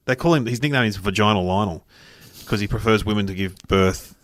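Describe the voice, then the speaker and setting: A middle-aged man, co-hosting a podcast and telling anecdotes in a relaxed, chuckling way. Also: lowish voice, a little fast, no room sound, clean studio sound. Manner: laid-back, storytelling, chuckles often. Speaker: podcast co-host. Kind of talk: casual chat.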